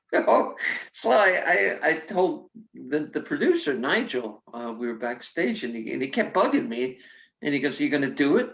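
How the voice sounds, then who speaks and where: An older woman comedian tells lively stories in an interview, slipping into the voices of the people she quotes and swearing bluntly. Her voice sits in an echoey space and sounds a little muffled and dull. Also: low-pitched, moderate pace, gravelly. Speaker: guest comedian. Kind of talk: casual interview storytelling.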